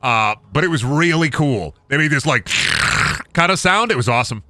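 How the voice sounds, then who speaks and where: A man's voice: mid-range voice, expressive, normal speed, background noise. A young man streaming a game, rambling through goofy jokes, swearing, and chatting with his audience. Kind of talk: casual game-stream commentary.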